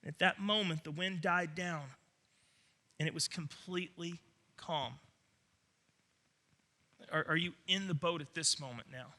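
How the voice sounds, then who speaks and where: A man's voice: on the high side, unhurried, long pauses, sharp tone. A man preaching a sermon as pastor, earnest and emphatic, often doubling his words as he restarts.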